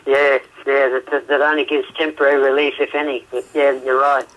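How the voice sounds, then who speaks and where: An Australian man with an Australian accent is interviewed by phone as a guest therapist on a radio show, chatting freely, laughing a lot and filling gaps with "uh" and "um." His medium-pitched voice is a bit bright but flat in delivery.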